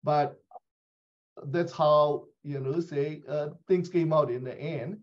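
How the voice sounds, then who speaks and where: Halting man on dull lo-fi audio. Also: fairly high pitch, steady tone. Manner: halting, repeats "you know, say". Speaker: meeting participant. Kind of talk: online meeting discussion.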